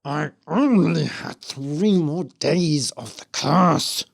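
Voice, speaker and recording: A storyteller voicing a cursed pig husband in a fairy tale, speaking slowly and angrily. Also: medium pitch, creaky, breathy edge, full character voice. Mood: dismayed.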